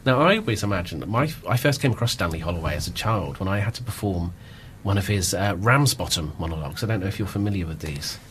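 A man chats as a podcast guest, thinking aloud with plenty of ums. His voice sits on the low side, and a faint ambient hum runs underneath. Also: animated, quick pace, hardly any pauses, a bit bright. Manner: reflective, discursive, many ums. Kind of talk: casual podcast conversation.

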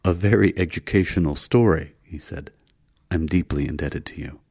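Man doing a low, gravelly alien leader, polite, menacing, audiobook. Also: moderate pace, a little mellow, no room sound, clean studio sound. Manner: smooth, courteous and menacing.

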